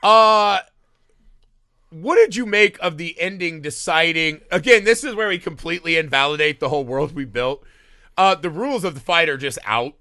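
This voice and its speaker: A man's voice: a little high, lively intonation, normal speed, pushed and bright, no echo, studio quality. A man co-hosting a casual movie podcast, riffing loosely, acting out scenes in silly voices and swearing freely. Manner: swears often. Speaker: podcast co-host. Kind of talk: casual movie review chat.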